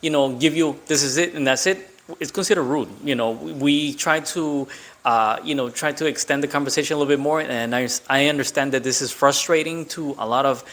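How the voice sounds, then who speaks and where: A man's voice: medium pitch, fairly quick, a bit bright. Man, Colombian accent, chatty, long-winded, casual commentary. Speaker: reaction video host.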